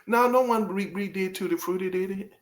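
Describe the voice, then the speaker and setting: A man's voice: sits high, brisk. A man hosting a casual album review, rambling and interrupting himself, often breaking into laughter and apologizing as he talks straight to his viewers. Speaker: music reviewer host.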